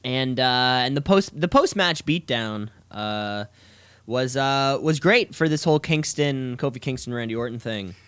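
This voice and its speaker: A man's voice: medium pitch, expressive, measured pace, a bit bright, clean tone, no echo. A man co-hosting a podcast in casual chat, rambling and teasing, swearing now and then. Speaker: podcast co-host. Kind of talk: casual chat about wrestling.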